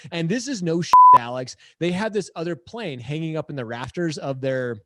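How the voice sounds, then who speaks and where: A man's voice: on the high side, moderate pace, dry recording. A man telling a story in a casual podcast chat, acting out his own quoted lines and saying "like" and "dude" a lot. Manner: animated, acts out quotes. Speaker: podcast guest. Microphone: headphones on, live podcast.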